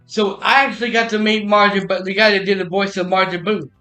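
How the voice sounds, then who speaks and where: A man with a high, bright voice tells a story on his podcast live stream, excitable and rambling, often restarting his sentences. The sound is roomy and echoey, with faint music playing behind him. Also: fast talker. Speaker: podcast host.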